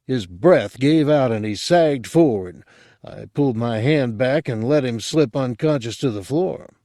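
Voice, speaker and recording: A man narrating an audiobook in a gruff first-person storytelling manner. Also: medium pitch, animated, a little slow, mellow, no echo, studio quality.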